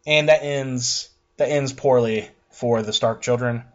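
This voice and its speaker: A man's voice: medium pitch, muffled recording. Profane man recapping a show. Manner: profane, animated, paraphrases characters in quick asides. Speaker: podcast co-host recapping a TV episode. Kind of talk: casual recap chat.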